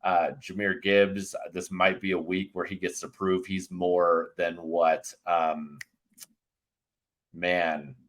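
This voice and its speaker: Casual male sports-betting cohost, lowish voice, loose rambling delivery with jokes. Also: level tone, slow pace, fairly bright tone. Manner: rambling, filler-heavy, joking. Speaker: fantasy sports analyst.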